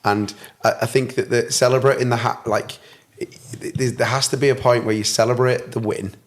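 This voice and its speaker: A man's voice: mid-range voice, steady tone, moderate pace. A man in a casual podcast chat, telling tour stories and often laughing. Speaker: musician guest.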